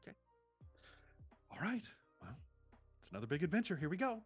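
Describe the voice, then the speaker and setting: A man voicing a frazzled mother who is leaving with her kids, rushed, pushy and swearing. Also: mid-range voice, lively intonation, narrow, tinny audio, soft background music, natural voice. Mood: insistent.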